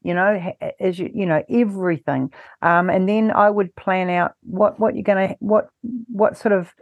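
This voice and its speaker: A woman's voice: mid-range voice, fairly even intonation, moderate pace, dry recording, phone-quality sound. A woman co-hosting a podcast in casual chat, slangy and self-interrupting. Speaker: podcast co-host.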